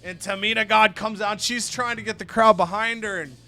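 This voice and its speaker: A man's voice: high-pitched, fairly even intonation, brisk, vocal fry, sharp tone, faint music behind. A young man narrating a wrestling game recap as a let's-play host, storytelling casually and swearing now and then. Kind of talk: animated game recap with put-on voices.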